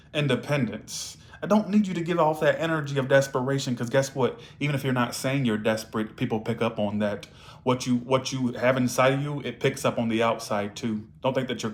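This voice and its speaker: Medium-pitched and a bit quick, a male tarot reader streams a casual session. His delivery is blunt and full of profanity, he scolds his audience, and "all right?" keeps popping up in his speech.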